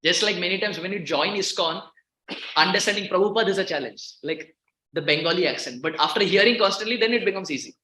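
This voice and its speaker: Male preacher, sermon delivery, hushed then emphatic, bright ringing tone, roomy temple echo. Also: high voice, fast. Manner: earnest, repeats key phrases, swings from hushed to emphatic. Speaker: visiting devotional speaker. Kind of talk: devotional sermon. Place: temple hall. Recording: echoey temple hall.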